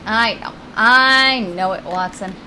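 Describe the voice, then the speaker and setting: Woman game streamer, casual and chatty, a bit high-pitched, faint hiss behind her. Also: takes it slowly, pushed and bright, poor audio. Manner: chatty, talks to her puppies between game lines. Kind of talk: casual live-stream chat.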